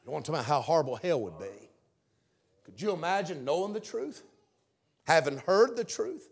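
A man preaching a fervent revival sermon in church, swinging between hushed asides and shouted appeals. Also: fairly high pitch, big pitch swings, normal speed, gravelly, breathy edge.

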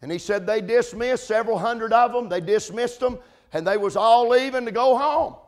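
A man's voice: very high voice, normal speed. A man preaching a sermon with passion, repeating phrases and calling out to members of the congregation by name. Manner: impassioned, building to shouted climaxes; repetitive, with restarts and asides to congregants by name.

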